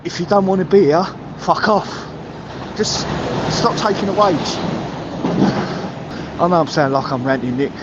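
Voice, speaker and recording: A man's voice: expressive, normal speed, long pauses, highs cut off, heavy background noise. A man leaving an angry voicemail, ranting and swearing about his football club. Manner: heated, swearing, builds to shouting pitch. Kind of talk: angry football fan rant.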